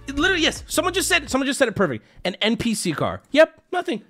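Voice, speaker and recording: A young man streaming and telling a story to his chat. His voice sits high and swings all over the place, swearing freely and jumping into sharp high yelps when he acts out his own lines. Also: quick pace, hardly any pauses, soft background music. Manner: animated, swearing, jumps to high yelps when quoting himself.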